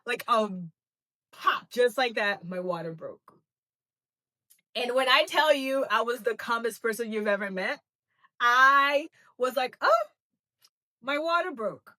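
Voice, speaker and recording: Animated woman podcast host. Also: fairly high pitch. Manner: animated, laughing, acts out quoted talk. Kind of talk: casual storytelling.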